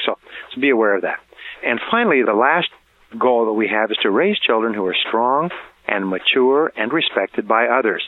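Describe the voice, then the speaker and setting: A middle-aged man giving an earnest talk on parenting, repeating key words for emphasis and chuckling at his own stories. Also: lowish voice. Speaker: motivational speaker. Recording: tinny phone-like audio.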